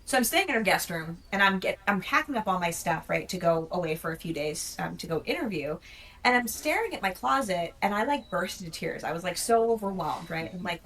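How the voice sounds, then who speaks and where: A woman Army veteran telling a story on a podcast in an animated, profane, self-mocking way. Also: lowish voice, fairly quick. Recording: distant mic with faint noise.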